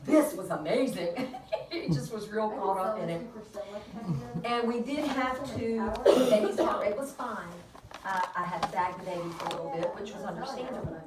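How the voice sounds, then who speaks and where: A woman's voice: mid-range voice, normal speed, crowd noise. A woman midwife chattily telling a birth story to colleagues, laughing often as she talks. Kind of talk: casual storytelling at a peer review. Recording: roomy, distant and noisy room recording.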